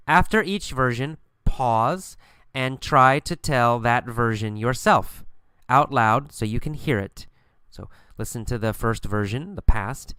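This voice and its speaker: A man's voice: medium pitch, smooth, dry recording. A man teaching English, telling a short story to practise tenses and then chatting casually about it with many fillers, recorded at home. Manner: relaxed, many fillers, acts out story lines. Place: bedroom at home.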